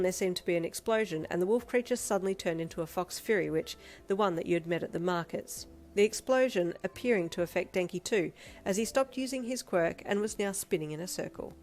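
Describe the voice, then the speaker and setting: A woman narrating second-person fanfiction in a steady, gentle storytelling manner. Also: medium pitch. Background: soft backing music.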